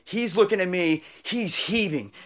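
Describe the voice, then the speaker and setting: A man's voice: high voice, unhurried. A man telling a heartfelt personal story in an earnest, rambling way, full of restarts and growing emotional. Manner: emotional, choking up. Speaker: motorcycle travel vlogger.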